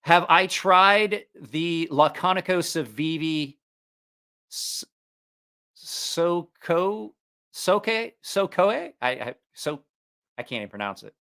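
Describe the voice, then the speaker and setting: A knife reviewer and channel host with a slight Southeast Ohio accent hosts a casual livestream, chatting, rambling and correcting himself. His fairly high voice is unhurried, sharp, clear and resonant, and he wears headphones with a studio mic.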